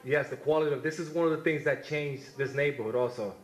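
A man's voice: fairly high pitch, fairly even intonation, fast talker. Impassioned New man in an echoey room. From New York. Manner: impassioned, repeats himself, shouts chants. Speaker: community activist reading a tribute poem. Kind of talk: spoken memorial remarks and poetry reading.

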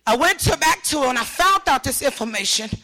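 An older woman giving emotional personal testimony as a mother, talking emphatically and repeating herself, her voice rising into shouts. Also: sits high, expressive, a little fast.

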